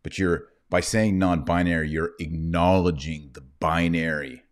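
A man's voice: sits low, steady tone, measured pace. A middle-aged man hosting a live online show, talking in a mocking, rambling way. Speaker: livestream host. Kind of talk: livestream commentary.

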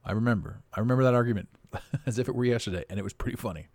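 Talking very fast, this podcast host delivers a loose, rambling solo monologue, frequently laughing at himself. His pitch jumps around animatedly, and the recording is dry.

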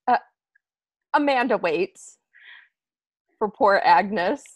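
Slow, lively-voiced woman game player. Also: mid-range voice, lo-fi sound. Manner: slow, deliberate narration. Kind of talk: narrating a tabletop game.

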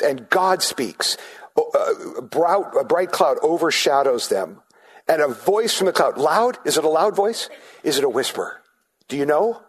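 A man's voice: a little high, husky. A man preaching a sermon as pastor, in a conversational way, asking the congregation questions and often restarting his sentences.

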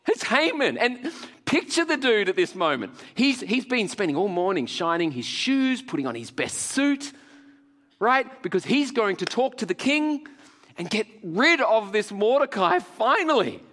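Jokey male pastor, slightly high and animated, in a hall with long reverb. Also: unhurried. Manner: animated, jokey, laughs often. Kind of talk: sermon. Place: large hall with audience.

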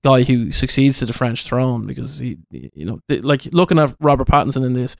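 A man's voice: medium pitch, expressive, fairly quick, vocal fry, dry recording. Rambling man, dry close sound. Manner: rambling, restarts often, laughs easily. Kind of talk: casual podcast film discussion.

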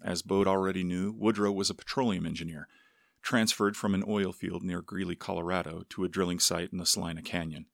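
A man reading a novel aloud in steady storytelling narration. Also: low-pitched, brisk, vocal fry, dry recording, studio quality. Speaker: audiobook narrator. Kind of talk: scripted narration with character voices.

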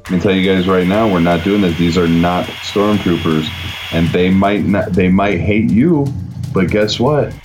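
Low-voiced brash male player. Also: normal speed, music in the background. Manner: brash, profane. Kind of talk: tabletop role-play.

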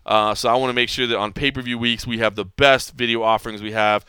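A man in his forties hosts a casual podcast, rambling through animated stories. His voice is bright and crisp, and he talks quickly. The recording is dry and close. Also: mid-range voice, no echo. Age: 40s. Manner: rambling, animated storytelling with many restarts. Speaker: podcast host. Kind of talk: casual chat.

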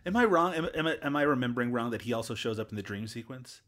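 A man's voice: mid-range voice, expressive, fast, fairly bright tone. A man hosting a casual movie podcast, asking his co-hosts questions and laughing often. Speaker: podcast host.

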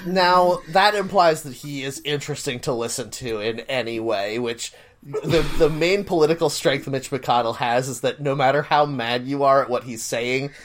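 A man's voice: mid-range voice, normal speed, a bit bright. A man co-hosting a casual comedy podcast, talking in a wry, rambling way and swearing for emphasis. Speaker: podcast co-host.

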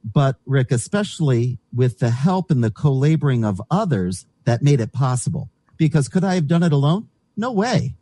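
A man's voice: medium pitch, very animated, normal speed, mellow. A man co-hosting a Christian talk radio show, chatting earnestly and answering his own questions. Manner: earnest and emphatic, asks himself questions and answers them. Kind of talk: casual radio chat.

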